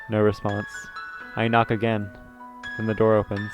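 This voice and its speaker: A man's voice: fairly low pitch, completely flat delivery, normal speed, faint music behind. A man reading a visual novel aloud in the first person, with small slips and side comments. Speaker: let's play narrator.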